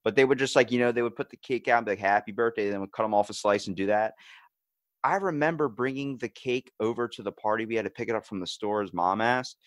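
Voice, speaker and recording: Man, podcast host, casual chat, animated storyteller, acts out quotes, swears casually, mid pitch, dry close mic. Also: fast talker, no room sound.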